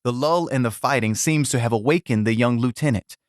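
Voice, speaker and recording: A man reading a veteran's war essay aloud as scripted narration, grave and measured in short clipped phrases. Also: medium pitch, no echo, studio quality.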